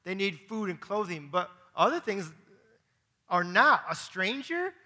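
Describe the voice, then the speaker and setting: A high, bright male voice preaching an earnest sermon, stressing key words and stumbling into quick repeats as he explains a passage. His voice rings out with a long reverb, as in a large hall. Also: big pitch swings. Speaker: pastor.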